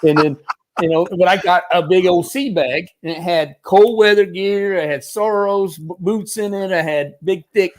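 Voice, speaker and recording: A middle-aged former Marine who became a film military advisor, appearing as a guest in a casual interview, tells animated anecdotes in a fairly high voice at a moderate pace. He laughs often, restarts sentences, and acts out the voices of people in his stories.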